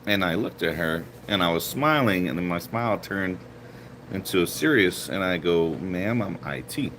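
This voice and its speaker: Talking at a normal speed over slight hiss or hum, a man casually vlogs a story from his week. He's animated, voicing the other people's dialogue with a rising pitch.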